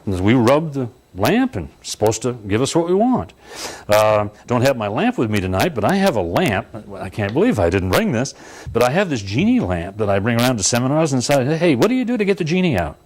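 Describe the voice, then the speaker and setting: A man giving a motivational seminar talk, telling stories with animated swings and frequent chuckles. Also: fairly quick. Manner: animated, chuckling storyteller with sudden pitch leaps. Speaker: seminar speaker.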